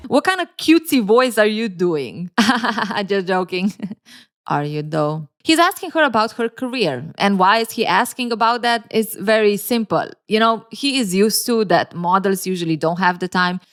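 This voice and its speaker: A woman hosting casual relationship commentary, speaking at a medium pitch. She teases and jokes sarcastically and laughs often. Her delivery is animated and full of playful asides. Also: normal speed.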